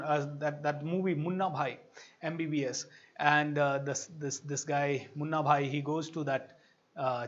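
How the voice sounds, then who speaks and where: A man's voice: a little high, muffled recording. An Indian man giving a motivational talk as a coach, telling stories animatedly and acting out quoted voices. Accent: Indian English.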